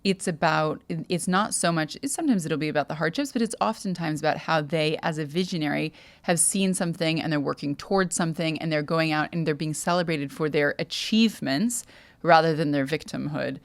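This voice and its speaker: A young adult woman co-hosts a casual podcast chat. Her voice sits low with a gravelly, fry-tinged edge. She speaks in a thoughtful, halting way, trailing off and restarting her sentences as she works through ideas. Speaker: podcast co-host.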